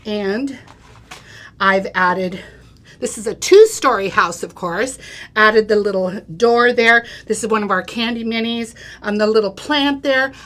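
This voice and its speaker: In an unhurried, slightly bright mid-range voice, a middle-aged woman runs a live craft product demo, chatting through each step. She checks in with her audience by asking "okay?" and "right?"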